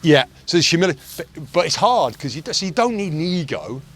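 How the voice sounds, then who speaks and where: A bit bright and a little high, this performance coach speaks quickly in a sing-song way. In his forties, he's having a casual chat out on the golf course. He's blunt and intense, and his stories come with the odd swear word.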